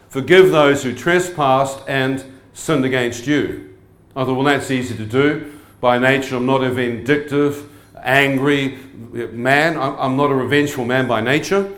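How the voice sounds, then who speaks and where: A man telling his testimony as a lively sermon to a live audience, joking and often asking the crowd questions. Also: mid-range voice. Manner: humorous, asks the crowd frequent questions. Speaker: preacher giving testimony. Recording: echoey hall.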